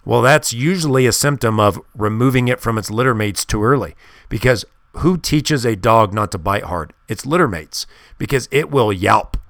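Speaking at a normal pace, a man with an animated, fairly bright mid-range voice hosts a podcast full of forceful, insistent dog-training advice. It's a casual solo talk, recorded dry at studio quality.

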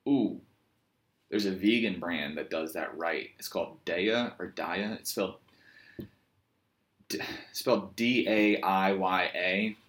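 A yoga teacher from Virginia, speaking with a Virginian accent, tells a rambling, joking story in a casual monologue. His low, fairly bright voice moves slowly with frequent pauses, and he meanders while poking fun at himself.

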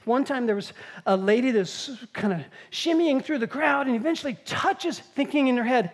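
Woman preaching a lively sermon. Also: high voice, normal speed, slightly rough. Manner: lively storytelling, acts out quoted lines.

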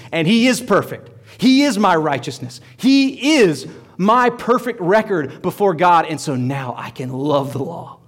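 A man preaching a sermon as pastor, earnest, with frequent restarts and rising questions. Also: high-pitched.

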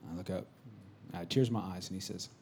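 A man in his thirties, a pastor preaching a sermon in a church, moving between loud exclamations and soft whispered asides. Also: low voice, steady tone, quick pace, gravelly, a little hiss or hum. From California. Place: church sanctuary.

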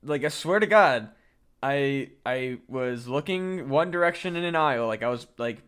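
A man's voice: medium pitch, lively intonation, normal speed, a bit bright, clear, resonant tone. A man co-hosting a comedy podcast, reacting with profane, laughing remarks in casual chat. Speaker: podcast co-host.

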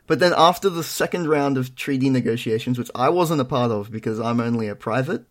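A young man on a casual podcast, dry and self-mocking. His voice sits at an ordinary middle pitch, and he tells his stories with an easy, even delivery. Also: a little fast. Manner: dry, self-deprecating storytelling. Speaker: podcast co-host. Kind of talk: casual chat.

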